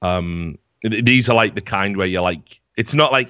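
A man's voice: sits low, normal speed, few pauses, fairly bright tone, dry recording. A man hosting a podcast, telling rambling stories in casual chat, full of fillers and swearing. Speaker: podcast host. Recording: slightly dull, dry mic sound.

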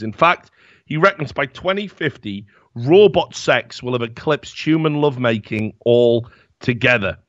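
Man, podcast host, animated, swearing, expressive pitch, muffled recording. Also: no echo. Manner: animated, swearing, laughing often. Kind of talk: casual chat, reading news stories aloud.

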